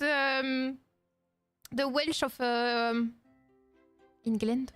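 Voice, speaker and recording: French woman streamer, young, high-pitched, playful and mock-outraged, quick to laugh, faint music underneath. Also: steady tone, a bit bright, no echo. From France. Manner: playful, mock-indignant, laughs often, broken English phrasing. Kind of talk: casual react-stream chat.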